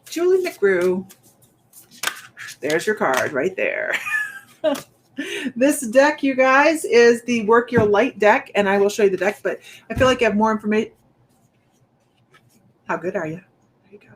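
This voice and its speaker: A woman's voice: mid-range voice, very animated, unhurried, pauses often, slight background noise. A woman hosting a psychic livestream, a little out of breath and talking in a loose, rambling way. She keeps up a chatty flow aimed straight at her viewers. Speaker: psychic medium host. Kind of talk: casual livestream chat.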